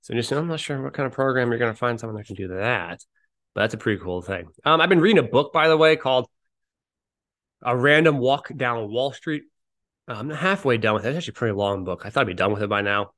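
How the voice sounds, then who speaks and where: Male solo podcast host, mid-pitched, casual and rambling, pokes fun at himself, cheerful. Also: lively intonation, fast, fairly bright tone. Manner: rambling, self-deprecating, upbeat.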